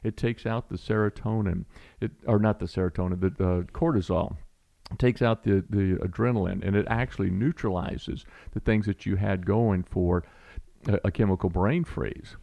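A middle-aged man telling a personal story in a conversational way, animated and acting out the voices. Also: lowish voice, moderate pace, creaky. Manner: animated storyteller, acts out voices, restarts often.

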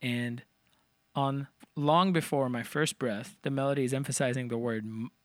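A man's voice: medium pitch, fairly even intonation, normal speed, no room sound. A man co-hosting a casual talk, explaining lyrics and rhythm in a methodical way. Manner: explanatory, methodical, counts out beats. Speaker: co-host analyzing song lyrics. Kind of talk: casual analytical chat.

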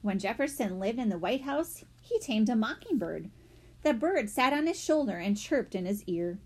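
A woman narrating a children's mystery audiobook with expressive storytelling. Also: fairly high pitch, moderate pace, breathy edge.

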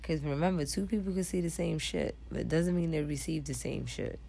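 A woman's voice: sits low, brisk, gravelly, mellow, a little hiss or hum. Blunt, emphatic woman podcast co-host. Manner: blunt, emphatic, laughs easily, swears freely. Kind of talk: casual podcast chat.

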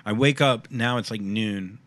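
A man's voice: lowish voice, unhurried. A man in his thirties, a comedian, telling stories in casual podcast chat and acting out the quotes. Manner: animated storyteller who acts out quotes.

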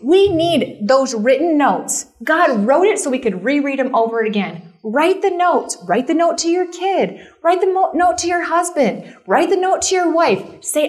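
A woman's voice: sits high, lively intonation, normal speed, hardly any pauses, a little mellow. A middle-aged woman giving a conversational sermon at a camp meeting, chatty and self-deprecating, full of asides and "right?".

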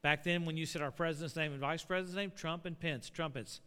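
High bright-voiced preacher in an echoing hall. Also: male voice, fast talker, clear, resonant tone. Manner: animated, building to shouts. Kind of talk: sermon. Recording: long reverb of a hall.

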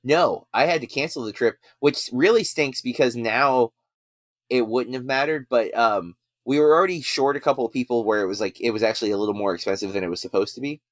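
A man's voice: mid-range voice, a little fast, no room sound. Rambling male podcast host, dry close sound. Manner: rambling, many fillers and restarts. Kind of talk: casual podcast chat.

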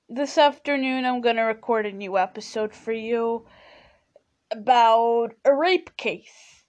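A teenage girl hosting her own podcast in a casual, hesitant way, soft-spoken and apologetic, filling pauses with "you know". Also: fairly high pitch. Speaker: podcast host. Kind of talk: casual solo podcast talk.

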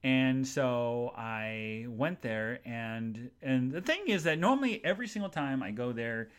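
A man's voice: medium pitch, expressive, a little slow, fairly bright tone, clear, resonant tone. A man hosting a casual solo podcast, telling everyday stories in a chatty way with funny asides. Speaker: podcast host.

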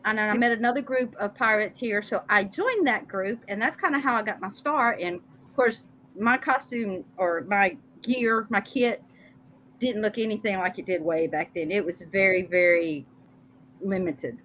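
A woman's voice: mid-range voice, moderate pace, a bit bright, highs cut off, slight background noise. A woman from Memphis, a guest on a chat show, telling a story and laughing often. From Memphis, USA. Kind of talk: casual chat.

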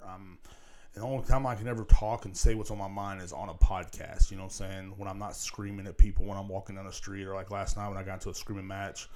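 A man with a lowish, dark-toned voice hosts a casual solo podcast, talking into a podcast mic with a slight hiss or hum in the background. He rambles, swears constantly, and keeps repeating "you know what I'm saying."

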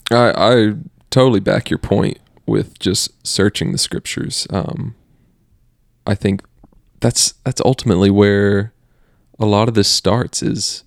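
A man co-hosting a podcast, upbeat and chummy, asking questions in a relaxed, casual way. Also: fairly low pitch, measured pace, creaky, no echo, studio quality. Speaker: podcast co-host. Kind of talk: casual faith discussion.

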